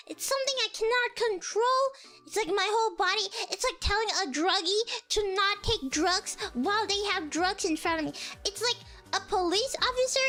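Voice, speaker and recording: A young woman streamer telling a story in casual chat, excitable, exclaiming, and mocking herself. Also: very high voice, normal speed, soft background music. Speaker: virtual streamer.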